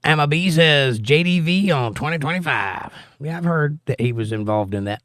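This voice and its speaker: A man's voice: a little high, expressive, moderate pace, a bit bright, no room sound. Argumentative male livestream host, dry sound. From United States. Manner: argumentative, sarcastic. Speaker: livestream host reading chat. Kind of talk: political livestream chat.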